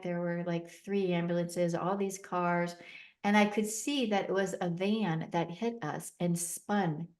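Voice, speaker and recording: A woman's voice: on the low side, darkish tone. A middle-aged woman telling a personal story as a podcast guest, recounting events vividly and acting out the dialogue with emotion.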